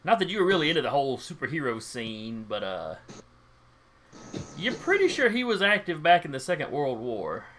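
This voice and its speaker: A man running a tabletop role-playing game, narrating in a chatty, relaxed way. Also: on the high side, normal speed, a little hiss or hum. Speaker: game master.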